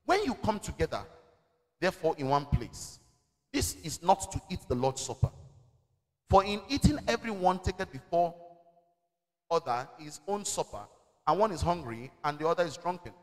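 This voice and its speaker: High, lively-voiced man preaching in a reverberant hall. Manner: exhorting, call-and-response with the congregation; reads scripture slowly and deliberately. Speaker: senior pastor. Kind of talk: sermon. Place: church service. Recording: long church-hall reverb.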